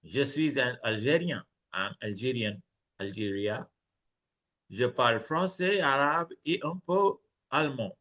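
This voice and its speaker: A man's voice: medium pitch, animated, unhurried, fairly bright tone. A man teaching French online, reading short dialogues aloud and translating each phrase into English.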